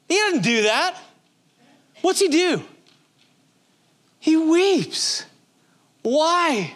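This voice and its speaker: A man's voice: extremely high pitch, sing-song, drawn-out words, long pauses, a bit bright. A male pastor preaching a sermon in a conversational, emphatic way, with many rhetorical questions.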